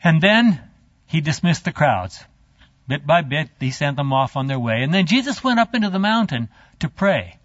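A man teaching a Bible study, retelling a story in an animated, halting, chatty way with a handout. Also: on the high side, no room sound. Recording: dull lo-fi dry.

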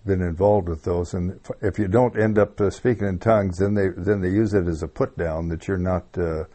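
Deep-voiced man, halting with fillers. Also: fairly even intonation, warm tone. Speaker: Bible study participant. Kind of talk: group discussion.

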